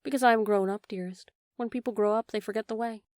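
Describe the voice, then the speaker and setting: A woman voicing a grown mother, soft and tender, in a storybook reading. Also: fairly high pitch, fairly even intonation, quick pace, dry recording, clean studio sound, close to an everyday voice. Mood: wistful.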